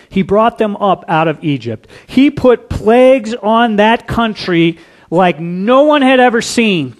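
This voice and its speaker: Male pastor preaching slow and deliberate, voice jumps all over, keeps asking the crowd stuff. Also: high-pitched. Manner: animated, rhetorical questions to the congregation. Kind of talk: sermon.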